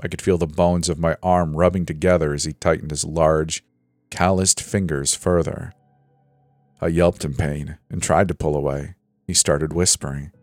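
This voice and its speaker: Deep-voiced male horror narrator. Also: steady tone, normal speed, a little mellow, no room sound. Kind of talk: scripted narration. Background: faint music.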